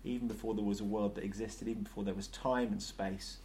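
A man leading an interactive Bible study, lively and jokey, asking the group questions. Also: fairly low pitch, fast, slight background noise.

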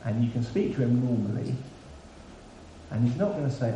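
A man preaching a sermon in a relaxed, conversational way with dry humour. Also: mid-range voice, normal speed, pauses often. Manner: conversational, self-deprecating humour. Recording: echoey room, mic at a distance, faint background hiss.

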